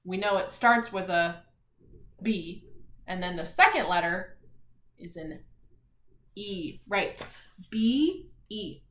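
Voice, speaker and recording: A woman teacher runs a reading and spelling lesson for young children, clearly and encouragingly sounding out letters and words. Her voice is fairly low and sharp-toned, slow with long pauses, in a roomy-sounding space.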